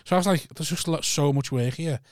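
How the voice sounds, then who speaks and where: A man's voice: on the high side, brisk. A man with a Liverpool accent, a taxi driver guest telling stories in casual podcast chat, rambling, repeating himself and laughing easily. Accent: Scouse.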